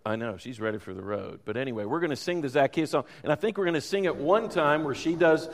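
A man's voice: a little high, expressive, fast talker. A man leading a church service, talking informally and chatting with the congregation. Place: church sanctuary. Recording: reverberant church hall.

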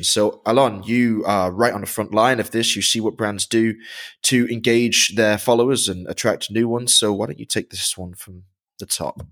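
Low-ish guy rambling on a podcast, chatty and self-deprecating. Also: steady tone, moderate pace, fairly bright tone. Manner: chatty, self-deprecating, long winding answers. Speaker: podcast co-host. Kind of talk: casual chat.

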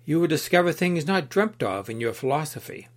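A man's voice: fairly high pitch, big pitch swings, a little fast. A man voicing an earnest young seeker.

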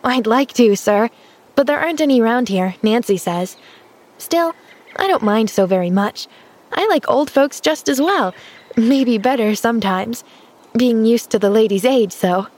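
A woman reading an audiobook, voicing a cheerful, eager and polite little girl who chatters brightly. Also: fairly high pitch, expressive, measured pace.

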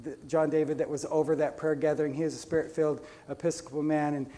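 A man preaches to his congregation in a high, lifted voice. He is energetic and keeps doubling back on his words as he goes. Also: fast talker. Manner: energetic Pentecostal preaching with many restarts. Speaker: pastor. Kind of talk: sermon.

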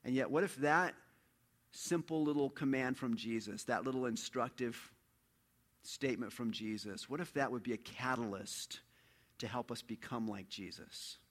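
Bright, lively man preaching. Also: medium pitch, moderate pace. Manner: animated storytelling, swings from hushed to loud. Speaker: pastor. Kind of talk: sermon.

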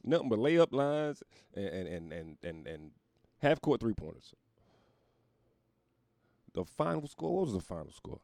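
A man's voice: lowish voice, sing-song, unhurried, creaky, long pauses, darkish tone, dry recording. A young adult man hosting a podcast, riffing profanely and laughing often. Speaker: podcast host. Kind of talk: casual comedic monologue.

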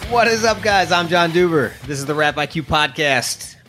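A man hosting a podcast, chatting casually and teasing his co-host in an animated, joking way. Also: a little high, normal speed, faint music behind. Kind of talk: casual chat.

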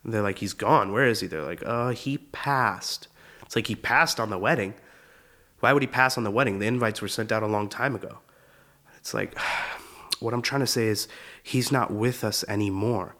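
A man's voice: lowish voice, a little fast, sharp tone. A man in his twenties, a comedian hosting his own show, telling rambling stories in a casual monologue, laughing at his own jokes and acting out quotes. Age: 20s. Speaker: comedian host.

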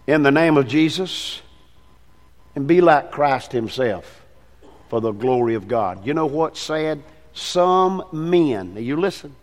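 An older man preaches with fervor, his fairly high voice swinging between quiet, intimate passages and ringing declarations. The sound carries the long reverb of a big church sanctuary. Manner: fervent preaching, rising and falling between hushed and loud. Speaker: pastor. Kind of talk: sermon.

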